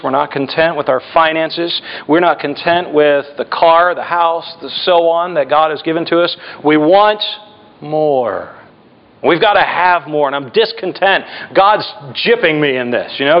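A middle-aged male pastor preaching a sermon, slowing down and dropping his voice for emphasis. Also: fairly high pitch. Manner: preaching with emphatic slowdowns and dramatic drops in volume. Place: church. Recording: dull lo-fi church recording.

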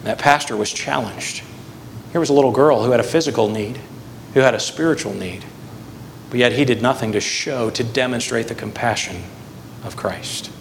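A man's voice: mid-range voice, normal speed, gravelly. A man preaching a sermon as pastor, driving his points home with emphatic, rising stresses. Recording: long hall reverb, faint room noise.

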